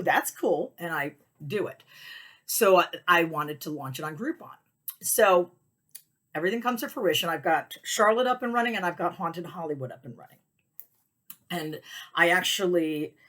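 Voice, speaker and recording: A woman hosting a podcast, telling a personal story in a casual, animated way and acting out her own panicked thoughts. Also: sits low. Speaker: podcast host.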